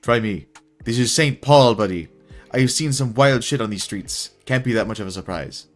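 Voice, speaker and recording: A man's voice: medium pitch, normal speed, faint music behind, pitched above the performer's own voice, close to an everyday voice. A man voicing an easygoing male cab driver with a put-on Jamaican accent, raising his voice above his own for the role. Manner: friendly, laid-back street talk.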